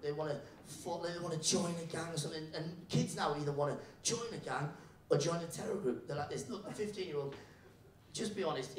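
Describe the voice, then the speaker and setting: A man doing live stand-up crowd work, teasing the audience with brisk, playful banter and repeating his own catchphrases. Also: a little high, darkish tone, a little hiss or hum. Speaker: stand-up comedian. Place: live comedy venue on stage. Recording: echoey live room, mic at a distance.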